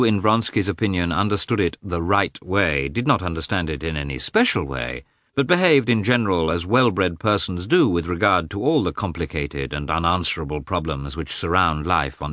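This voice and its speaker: A man giving an expressive, measured reading of a classic novel as an audiobook narrator. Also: sits low, dry recording, studio quality.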